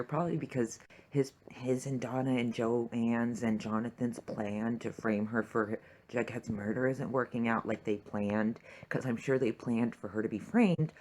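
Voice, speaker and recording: A young adult fan tears into a TV episode in a swearing, filler-packed rant. The talk is animated and fired up. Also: medium pitch, a little hiss or hum. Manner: profane, heated, full of fillers. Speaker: TV fan reviewer. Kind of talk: reaction rant.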